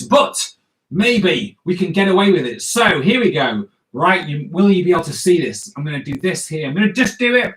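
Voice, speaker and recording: A man's voice: a little high, a bit bright. A man giving a live comic drawing lesson, playful and jokey, talking straight to the viewers as he draws. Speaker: comics teacher.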